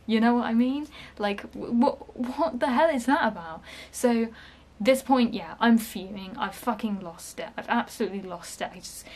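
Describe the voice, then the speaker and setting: A woman vlogger telling a frustrating work story in a casual, sweary rant full of fillers and restarts. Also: a little high.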